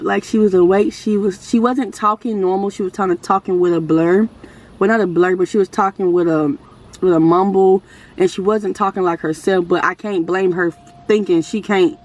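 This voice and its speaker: A woman vlogger talking straight to her viewers in a casual, unscripted update. Her voice sits at a middling pitch, and she rambles earnestly, often restarting her sentences. She calls her audience y'all and speaks with firm religious conviction.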